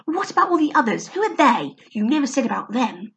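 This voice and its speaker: A woman's voice: high voice, very animated, a little fast, muffled recording, pitched above the performer's own voice, full character voice. Woman doing cautious girl Lou. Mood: urgent. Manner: hushed, anxious urging. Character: cautious older sister, bossy and careful.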